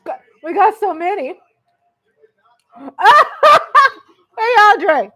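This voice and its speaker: Chatty high-voiced woman host. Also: expressive, slow pace, long pauses, rough recording. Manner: chatty, greets viewers by name, laughs often. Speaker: livestream host. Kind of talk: casual live-chat commentary.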